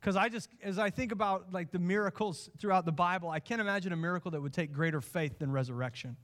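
A man preaching a sermon as pastor, impassioned, swinging from hushed lines to pleading ones. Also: sits high, quick pace.

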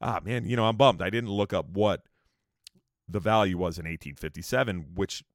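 Gravelly-voiced man telling a story. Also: low voice, moderate pace, no room sound, studio quality. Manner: rambling, with restarts and asides. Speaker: podcast host. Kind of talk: casual history storytelling.

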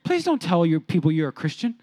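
A man's voice: a little high, very animated, brisk, mellow, no room sound. A man preaching a sermon as pastor, emphatic and repetitive, calling on his congregation to respond.

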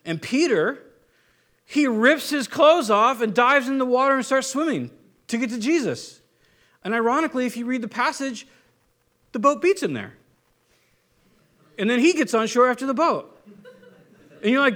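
A man preaching a casual, joking sermon as a pastor, with animated delivery and frequent restarts. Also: very high voice, fairly quick. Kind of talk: conversational Bible teaching sermon.

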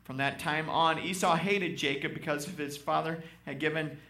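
Guy preaching a sermon, kinda high voice, bright and punchy, keeps checking in w the crowd. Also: fairly even intonation, normal speed. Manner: emphatic, addresses congregation directly. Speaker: pastor. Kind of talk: sermon with scripture reading.

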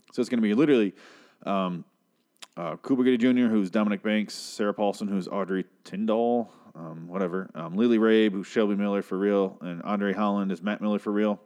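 A man's voice: on the low side, a little mellow. A young man casually recapping a TV episode, rambling and swearing, often mimicking characters. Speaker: recap podcaster.

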